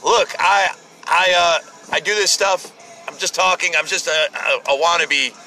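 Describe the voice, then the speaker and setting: A man's voice: a little high, steady tone, measured pace, sharp tone, rough recording. A man hosting his own podcast in rambling, profane, joking talk, recorded partly in his car at a drive-thru. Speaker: podcast host. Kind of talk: rambling solo podcast chat.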